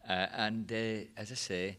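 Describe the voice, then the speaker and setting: A member of a reminiscence group, an older man with a Scottish accent, tells casual, rambling stories about old sayings, full of asides, chuckles, and "you know." He speaks at a measured pace in a fairly low, slightly bright voice with fairly even intonation.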